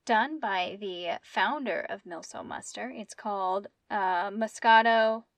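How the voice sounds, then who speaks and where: A woman's voice: medium pitch, slow pace, no room sound. A woman in her thirties co-hosting a podcast, chatting casually and laughing easily. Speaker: podcast co-host. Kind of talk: casual chat.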